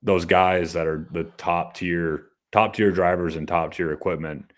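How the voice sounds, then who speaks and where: A man with an extremely low, rumbling voice co-hosting a podcast. He talks in a relaxed, chatty way and drops in dry jokes. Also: measured pace. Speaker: podcast co-host. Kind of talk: casual chat.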